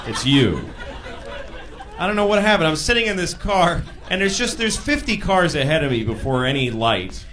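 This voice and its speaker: A man doing a stand-up comedy routine on a club stage, animated and sometimes shouting. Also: medium pitch. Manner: animated, bursts into shouted impressions. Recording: live club with crowd laughter and noise. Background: audience laughing.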